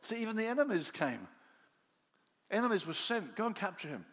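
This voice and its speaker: A man gives a brisk sermon, relating the story in an animated way and performing the disciples' voices. On quiet lines he softens into low tones, all in a long hall reverb.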